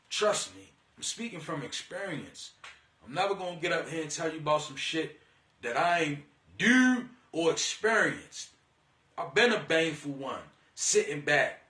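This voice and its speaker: A man with a high, sharp, bright voice delivers a casual spiritual pep talk in blunt, profane slang. He keeps calling the listener "divine being" and lectures with a preachy edge. The sound is roomy, from a little way off the mic. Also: far from the mic. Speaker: spiritual energy reader.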